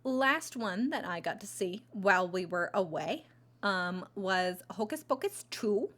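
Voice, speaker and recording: A woman's voice: mid-range voice, animated, a little slow, a bit bright. A woman chatting casually into a close mic, reviewing movies on her vlog, rambling with lots of fillers and restarts. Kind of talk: casual chat.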